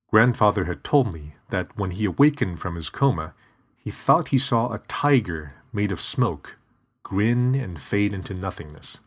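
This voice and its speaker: A man reading a story aloud in steady, even scripted narration. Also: fairly low pitch, unhurried, husky.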